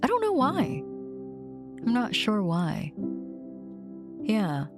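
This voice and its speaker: A woman's voice: medium pitch, huge pitch swings, slow, music in the background. A young woman hosting a casual co-working stream, chatting with viewers and cooing over her cat. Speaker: streamer host. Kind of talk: casual chat with chat readers.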